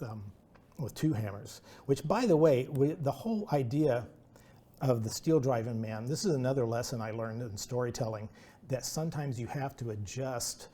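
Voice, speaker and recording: A man's voice: medium pitch, warm tone, a little hiss or hum. A man giving a casual artist talk, rambling and self-deprecating, full of restarts and asides. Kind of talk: presentation talk with anecdotes.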